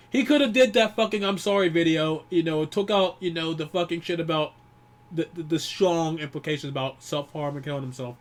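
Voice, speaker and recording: A man grieving while talking alone to the camera, rambling and swearing often, with many restarts and pauses. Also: on the high side. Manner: profane, rambling, frequent restarts. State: grieving, holding back tears. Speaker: YouTuber. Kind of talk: personal vlog monologue.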